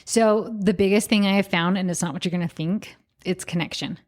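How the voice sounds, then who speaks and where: A woman's voice: medium pitch, a little fast, a little mellow. A woman who is a homeschool coach and mother, talking in a casual podcast interview, eagerly acting out bits of dialogue. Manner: enthusiastic, acts out quoted dialogue.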